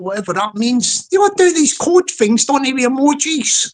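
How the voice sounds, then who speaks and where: A woman's voice: high voice, sing-song, moderate pace, hardly any pauses. A woman hosting a livestream, playful and rambling as she talks to the chat. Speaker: livestream host.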